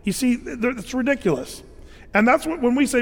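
Male pastor, high pitch, chatty sermon delivery, lots of fillers, reverberant church room. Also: moderate pace, creaky. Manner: conversational, filler-heavy, animated emphasis.

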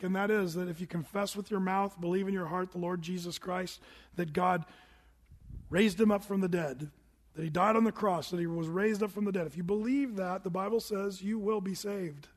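High-voiced pastor preaching in a reverberant hall. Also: male voice, a little fast. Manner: animated storytelling, rising to shouts at the climax. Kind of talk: sermon. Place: church sanctuary.

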